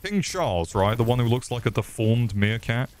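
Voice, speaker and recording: A man's voice: medium pitch, animated, normal speed, slight background noise. A young man casually commenting on a game he is streaming, profane, rambling and jokey. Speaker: gaming streamer.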